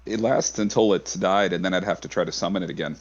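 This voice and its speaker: A man's voice: low voice, fast talker, lo-fi sound. A man talking casually as a player in a tabletop game session, thinking aloud as he goes. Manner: chatty, thinking aloud with restarts. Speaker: player character.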